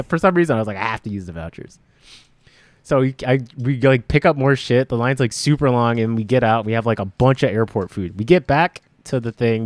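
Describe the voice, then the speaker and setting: A young man with a mid-range voice co-hosts a casual podcast, telling a long, rambling story, laughing often and acting out what people said. The recording has no room sound.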